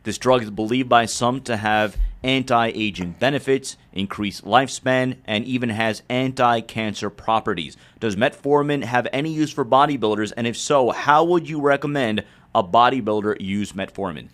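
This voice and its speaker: A man's voice: medium pitch, normal speed, few pauses, a bit bright. Man, co-host, reads questions aloud, careful, easygoing asides. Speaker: co-host reading viewer questions. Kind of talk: reading questions aloud on a live show.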